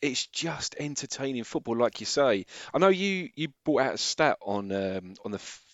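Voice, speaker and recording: A man's voice: medium pitch, expressive, moderate pace, a bit bright, no room sound, muffled recording. A man co-hosting a football podcast, chatting easily and laughing often. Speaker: podcast co-host. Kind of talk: casual football chat.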